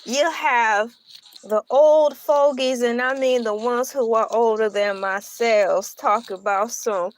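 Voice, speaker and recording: A woman's voice: a little high, takes it slowly. A middle-aged woman vlogging in a casual, joking chat, often slipping into put-on voices. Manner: joking, animated, puts on voices.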